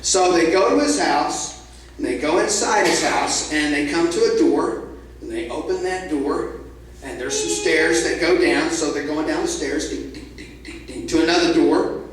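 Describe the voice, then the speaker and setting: A man's voice: on the high side, normal speed, a little hiss or hum. Man telling a playful story in an echoey hall. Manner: playful, with sound effects and audience questions. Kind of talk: live storytelling to a family audience. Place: event hall with live audience. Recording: echoey hall, distant mic.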